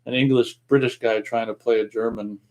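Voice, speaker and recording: A man co-hosting a casual show, chatting and reading viewer comments aloud in a relaxed way. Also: mid-range voice, brisk, a little hiss or hum. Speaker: radio show co-host reading chat comments. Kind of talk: casual chat.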